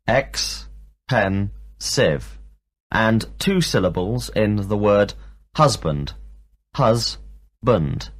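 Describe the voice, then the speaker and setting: A man leading a scripted English drill, speaking slowly and sounding out syllables one by one. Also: lowish voice. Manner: slow, deliberate, sounds out syllables. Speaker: English teacher. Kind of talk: slow scripted language drill.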